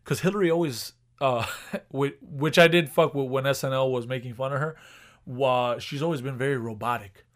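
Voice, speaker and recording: A man's voice: medium pitch, steady tone, normal speed. A man co-hosting a podcast in casual chat, rambling with restarts and swearing. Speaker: podcast co-host.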